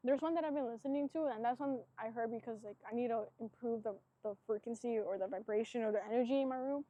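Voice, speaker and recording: A woman with a fast, somewhat high voice and a dark tone hosts a casual solo podcast. She rambles reflectively, earnest and self-searching, filling her sentences with "like." The recording is muffled, with no room sound.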